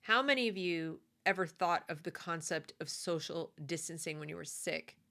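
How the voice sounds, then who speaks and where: Gravelly, low-voiced opinionated woman. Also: normal speed, bright, forceful tone. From American. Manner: opinionated, conversational, with frequent fillers and restarts. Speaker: commentary host. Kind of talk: casual opinion monologue. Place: home in the American South.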